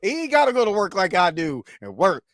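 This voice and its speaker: A man's voice: high voice, huge pitch swings, fairly quick, fairly bright tone, dry recording, clean studio sound. A man hosting a reaction video, laughing often and repeating himself in casual chat.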